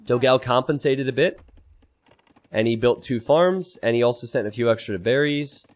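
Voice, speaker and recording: A man casting a strategy video game match, an animated commentator who breaks into loud, high-pitched disbelief and laughter. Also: moderate pace. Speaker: game caster. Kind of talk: esports commentary.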